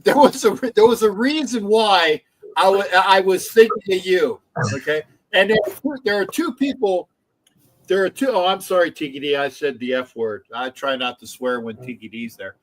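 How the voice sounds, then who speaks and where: A man's voice: sits high, moderate pace, low-quality recording. A man hosting a casual sports livestream, rambling with many restarts and the odd swear word. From Philadelphia area. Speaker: livestream host.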